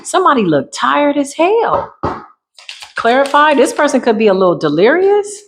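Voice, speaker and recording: A woman's voice: sits high, big pitch swings, normal speed, slight background noise. A woman giving a casual spiritual tarot reading to her viewers, blunt and slangy. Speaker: tarot reader.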